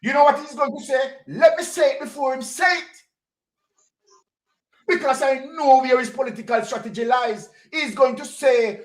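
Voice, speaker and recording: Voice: sits high, fairly even intonation, normal speed, long pauses. A political commentator with a Jamaican accent, ranting passionately, repeating points and firing off rhetorical questions. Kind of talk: impassioned political vlog rant. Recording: roomy echo.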